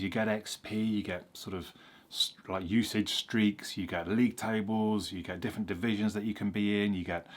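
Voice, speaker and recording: A man chatting casually about learning a language, rambling and correcting himself with frequent ums. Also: on the low side. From England. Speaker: vlogger. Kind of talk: casual explanatory chat.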